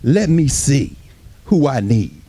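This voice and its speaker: A man's voice: mid-range voice, sing-song, slow pace, warm tone, slight background noise, voice pushed down. A man doing laid-back, cocky soldiers. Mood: cool. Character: cool, confident male soldiers ready to fight.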